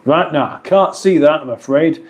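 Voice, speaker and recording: A man's voice: fairly high pitch, normal speed. A man with an English accent hosting a casual live stream from his kitchen, reading viewer comments aloud with dry, playful banter. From England. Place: home kitchen.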